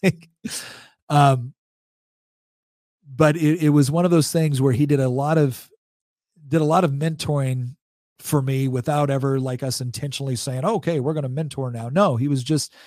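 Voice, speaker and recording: A man's voice: medium pitch, warm tone, no echo, clean studio sound. A man in his forties telling a personal story as a podcast guest, chatty, laughing often and restarting sentences. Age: 40s. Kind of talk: casual storytelling.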